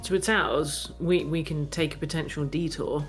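A woman's voice: sits low, steady tone, normal speed, soft background music. A woman playing a tabletop game, chatting cheerfully and playfully in character. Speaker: player.

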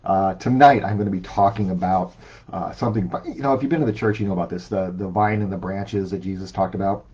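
A middle-aged man preaching an informal sermon, talking in a conversational, halting way with many fillers and restarts, and reading scripture aloud. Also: deep voice, fairly even intonation, darkish tone, breathy edge, highs cut off.

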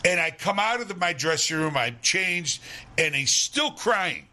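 A man's voice: high-pitched, a little slow. An older man, an entertainer, telling stories in casual chat and acting out the quotes in changing voices. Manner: animated, acts out quotes in other voices. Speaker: entertainer and impressionist.

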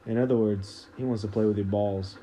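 A man's voice: fairly low pitch, fairly even intonation, a little fast, dark tone, a little hiss or hum, low-quality recording. A young man chatting casually while drinking at home, teasing his friend with crude jokes. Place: room at home.

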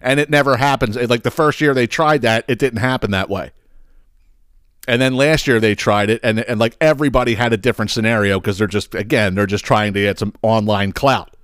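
A man rants profanely on his podcast, tripping over repeated words as he goes. His voice is smooth and clear, recorded close and dry. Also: medium pitch, a little fast, a bit bright, no echo. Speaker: podcast host. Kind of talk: casual podcast rant.

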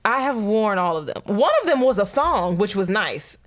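A woman's voice: mid-range voice, very animated, normal speed. A young woman co-hosting a podcast in casual chat, blunt and swearing freely, laughing often. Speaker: podcast co-host.

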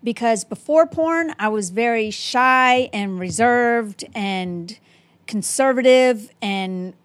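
A woman hosting a podcast, talking frankly and casually with filler pauses. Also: on the high side. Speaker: podcast host.

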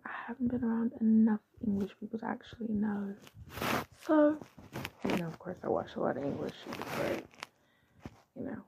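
Slow, gravelly, half-whispering woman. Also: mid-range voice, lo-fi sound. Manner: soft, often half-whispered, rambling. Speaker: podcast host. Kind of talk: casual chat.

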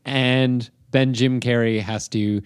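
A man recaps a film plot for a podcast in a relaxed, easygoing way, leaning on fillers. His voice sits at a middle pitch, close to the mic in a dry space. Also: slow pace, clean tone, dry recording. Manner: easygoing, summarizing plots with fillers. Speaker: podcast co-host. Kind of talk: casual movie review chat.

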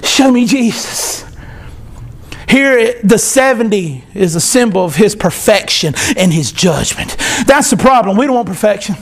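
A man preaching a sermon as pastor, animated, swinging from loud to soft. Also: high-pitched, measured pace, creaky.

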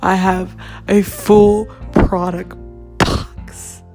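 Slow, gravelly-voiced woman vlogger. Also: lowish voice, faint music behind. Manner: excitable, gushing, drifts into pep talk. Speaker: makeup vlogger. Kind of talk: casual rambling vlog.

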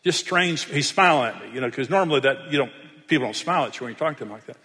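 A man's voice: mid-range voice, expressive, racing, pushed and bright, in a large hall. An older man, preaching a sermon and telling stories in an earnest manner. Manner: storytelling, earnest, rises when stressing points. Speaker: pastor.

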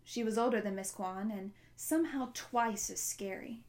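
A woman reads a novel aloud in a steady, even voice of ordinary middle height. Now and then she stumbles and corrects herself with small slips. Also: medium pitch, moderate pace, hardly any pauses. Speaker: audiobook narrator.

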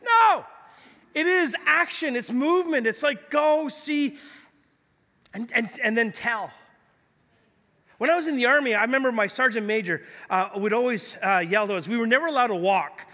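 Male pastor, very high and bright voice, energetic and jokey, long hall reverb. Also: moderate pace. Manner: energetic, jokey storytelling preacher. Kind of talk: sermon.

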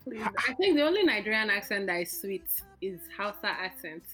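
A woman appearing as a guest on a podcast over a call, talking casually in an animated, incredulous way with many laughing questions. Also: medium pitch, a little fast, faint music behind, low-quality recording. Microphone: remote call.

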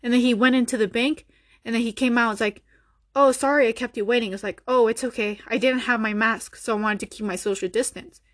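A young woman's slightly high, fairly bright voice carries a casual rant on the podcast she hosts. She speaks fairly quickly with fairly even intonation, staying blunt, sarcastic and profane.

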